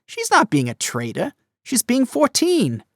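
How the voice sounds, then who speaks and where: Teen boy voiced by a man, teasing, boisterous, audiobook, lively pitch, dry close sound. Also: unhurried, dry recording, full character voice. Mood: needling. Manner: needling, playful. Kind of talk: audiobook character voice.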